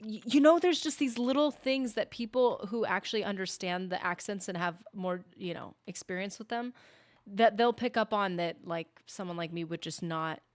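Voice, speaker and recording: A female gaming streamer talks casually and rambles as she plays, frequently correcting herself. Her voice sits in the mid range and moves at a normal speed, typical of relaxed live-stream chat.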